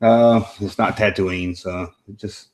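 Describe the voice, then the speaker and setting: A man's voice: lowish voice, steady tone, slow pace. Chatty Southern American man. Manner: rambling, chatty, reacting to a movie. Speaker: host. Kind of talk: casual live-stream commentary.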